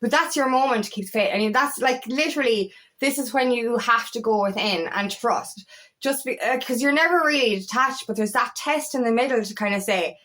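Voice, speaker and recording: A woman's voice: fairly high pitch, normal speed, a bit bright. A woman coaching on twin flame journeys, talking straight to her viewers in a blunt, emphatic way and swearing freely. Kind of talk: unscripted spiritual talk to camera.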